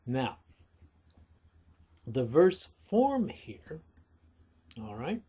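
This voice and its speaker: Slow, husky male literature lecturer. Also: medium pitch, big pitch swings, mellow. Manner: deliberate, explanatory, addresses listeners as folks. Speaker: literature teacher. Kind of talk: recorded lecture.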